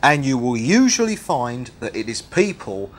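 A man's voice: mid-range voice, very animated, normal speed, slight background noise. A man preaching a sermon, teaching with repetition and humorous asides.

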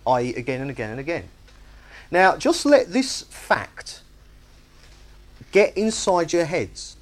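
A man preaches a sermon in a slightly high voice, speaking a little slowly with long pauses. His manner is animated, emphatic and conversational, and he keeps asking the congregation "you see?" to check they follow his point.

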